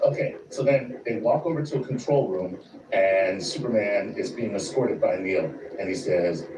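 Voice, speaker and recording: A man chatting casually and reading a comic aloud, animated and laughing. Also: on the low side, normal speed. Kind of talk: casual chat with dramatic reading. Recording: echoey room, far from mic, noisy.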